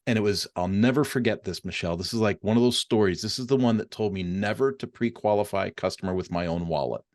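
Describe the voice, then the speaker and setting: A middle-aged man hosting a podcast, telling stories in a casual, animated way with plenty of fillers. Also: fairly low pitch, fast talker, no room sound, studio quality. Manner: animated storyteller with many fillers. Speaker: podcast host. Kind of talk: casual interview chat.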